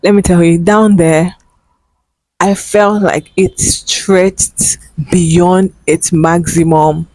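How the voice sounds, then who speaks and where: Young woman storyteller, earnest and emotional, slow unhurried delivery, dry close sound. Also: on the low side, fairly even intonation, a little mellow, dry recording, rough recording. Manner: emotional, earnest, with frequent fillers. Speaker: vlogger. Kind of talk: personal storytelling.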